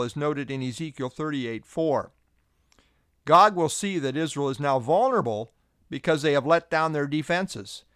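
A man giving a scripted Bible teaching, deliberate and emphatic, slowing down to stress key phrases. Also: fairly high pitch, a bit bright, smooth, no room sound, studio quality.

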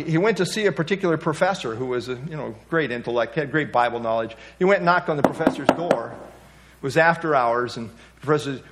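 A man's voice: on the high side, a bit bright. A man preaching a sermon, telling stories in a conversational, folksy way and rising emphatically on key points. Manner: conversational storytelling, folksy asides. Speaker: pastor.

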